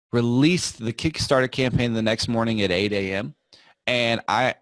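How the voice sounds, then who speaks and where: Low-voiced man telling a story in an interview. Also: no echo. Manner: relaxed, rambling, frequent fillers and restarts. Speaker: podcast guest, software founder.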